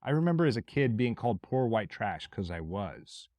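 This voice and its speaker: A man from Mississippi with a Southern accent, hosting a podcast as a blunt, forceful motivational monologue with plenty of swearing. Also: fairly low pitch, very animated, normal speed, no echo. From Mississippi, USA. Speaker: podcast host.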